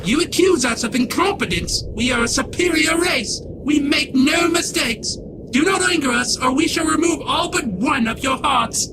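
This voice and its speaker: A man's voice: very high-pitched, expressive, moderate pace, noisy background. A man voicing a haughty male alien scientist who speaks with cold superiority. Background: loud music.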